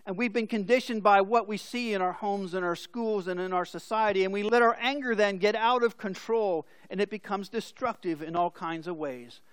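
A man with a high voice preaches a sermon, moving between scripture and lively stories whose people he acts out. The sound is dry and close. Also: moderate pace, hardly any pauses, smooth, no room sound. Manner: storytelling with acted-out voices. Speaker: pastor.

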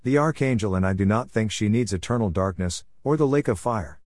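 A man's voice: on the low side, animated, brisk, darkish tone, no echo, studio quality, natural voice. A man voicing a pompous, formal male angel of death who talks in a stiff, correct, lecturing way. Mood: stern.

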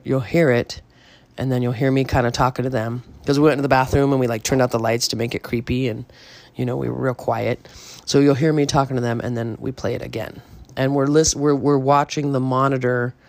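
A man's voice: medium pitch, gravelly, a little hiss or hum. A man hosting a podcast, casually telling a ghost story to his listeners in a rambling way full of fillers and the odd swear word. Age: adult parent. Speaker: podcast host.

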